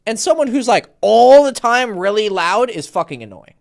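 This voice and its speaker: A man's voice: high-pitched, normal speed, vocal fry. A man working as a dating coach, giving blunt, profane advice on a casual call. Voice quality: animated, swings between loud and soft, profane.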